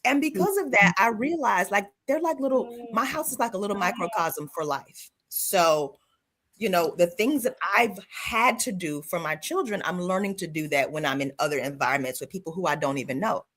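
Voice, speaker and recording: A woman in her thirties, a comedian guest telling lively stories in casual panel chat, acting out her children. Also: on the low side, normal speed. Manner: animated storyteller acting out her kids.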